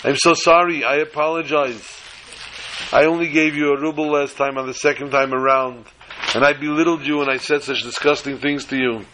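A man's voice: fairly high pitch, fairly even intonation, normal speed, bright, forceful tone, slight background noise, rough recording. A man playing a remorseful pleading townsman. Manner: pleading, apologetic. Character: remorseful male townsman begging forgiveness.

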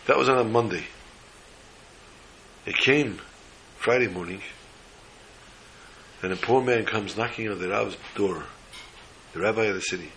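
A man's voice: lowish voice, measured pace, gravelly, pauses often, slight background noise, poor audio. A man telling a religious story as a sermon, acting out the characters' voices with feeling. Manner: animated storyteller voicing characters.

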